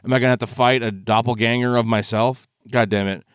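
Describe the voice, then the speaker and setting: A man's voice: medium pitch, steady tone, quick pace, smooth, no echo, studio quality. A man hosting a video that reacts to game trailers, ranting in exasperation and swearing freely. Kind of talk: casual reaction commentary.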